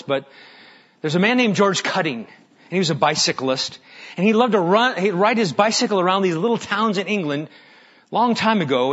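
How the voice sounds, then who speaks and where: Dramatic preacher man, slightly high voice. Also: lo-fi sound. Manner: dramatic storytelling, swinging from hushed to loud. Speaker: pastor. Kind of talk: sermon.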